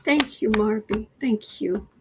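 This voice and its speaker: Speaking slowly at a medium pitch, this tarot reader and livestream host reacts to the news between card readings in a relaxed stream. Her talk wanders through musings, trailing thoughts, and sardonic remarks, now and then dropping to a whisper, all over heavy background noise.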